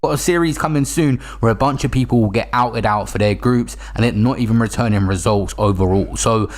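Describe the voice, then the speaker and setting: A man's voice: medium pitch, fairly quick. A man giving blunt, dismissive commentary in an online video clip.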